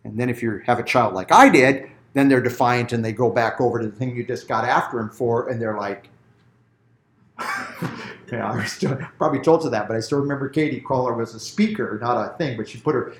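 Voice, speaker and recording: A man's voice: mid-range voice, a little fast. A middle-aged man preaching a sermon as a pastor, telling stories and acting out little voices. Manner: animated storytelling, acts out voices.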